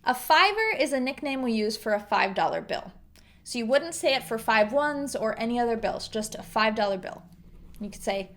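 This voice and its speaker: Woman, English teacher, fairly high voice, clear patient explanations, acted example lines. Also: animated, brisk. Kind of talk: explaining idioms to learners.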